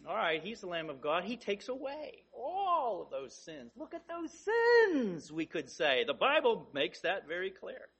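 Emphatic high-voiced male preacher. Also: very animated, moderate pace, hardly any pauses, fairly bright tone, slightly rough. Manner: emphatic, repeating phrases with rising intensity. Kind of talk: sermon.

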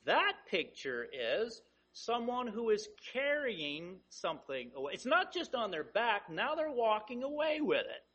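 A man's voice: high-pitched, sing-song, measured pace, fairly bright tone, breathy edge, muffled recording. A man preaching a sermon, emphatic, driving points home by repeating phrases.

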